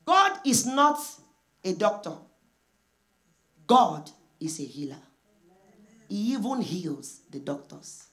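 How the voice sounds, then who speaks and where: A woman's voice: mid-range voice, sing-song, slow, pauses often, a bit bright. A woman preaching a sermon, repeating points emphatically and acting out quoted prayers. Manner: emphatic repetition with call-and-response; acts out prayers in quoted voices.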